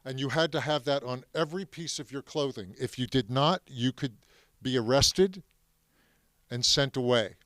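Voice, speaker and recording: A man's voice: medium pitch, moderate pace, fairly bright tone, no echo. Brief: man addressing a class, emphatic, checks in with listeners, dry close sound. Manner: emphatic, addresses the audience with questions. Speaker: speaker telling his family's story to students. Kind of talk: classroom talk.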